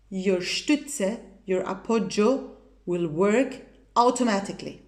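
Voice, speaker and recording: Slow, emphatic woman vocal teacher, roomy echo. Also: darkish tone. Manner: emphatic, repeats key points, demonstrates with low creaky sounds. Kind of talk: spoken singing lesson to camera.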